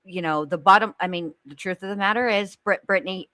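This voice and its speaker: A woman's voice: fairly low pitch, fairly quick, bright, forceful tone, no room sound. A woman co-hosting a casual commentary chat, pleading earnestly and reading aloud with blunt asides. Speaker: co-host.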